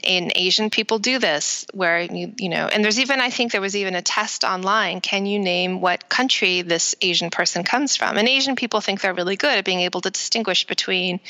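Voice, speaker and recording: A woman author talks through anecdotes in an interview, slipping into quoted exchanges as she goes. Her voice is bright and forward, and her pitch sits in the middle range. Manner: animated storytelling with quoted dialogue. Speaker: author and guest. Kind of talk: interview conversation.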